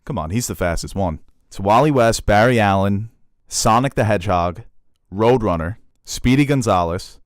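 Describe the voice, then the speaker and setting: A man's voice: on the low side, expressive, moderate pace, no echo, clean studio sound. A young man co-hosting a casual podcast chat, joking around and riffing. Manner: joking, jumps into silly voices. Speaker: podcast co-host. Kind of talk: casual movie trailer chat.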